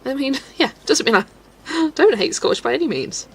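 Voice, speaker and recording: A woman's voice: high voice, big pitch swings, a little fast, creaky, breathy edge. A woman hosting a livestream, chatting casually with viewers and laughing often. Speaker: colouring livestream host. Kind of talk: casual chat reading live comments. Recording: faint background noise.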